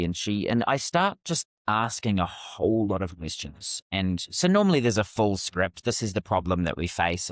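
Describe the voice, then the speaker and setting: Low-voiced New man telling stories. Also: dry recording, clean studio sound. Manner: animated, restarts phrases mid-thought. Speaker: podcast guest, communication coach. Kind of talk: casual interview storytelling.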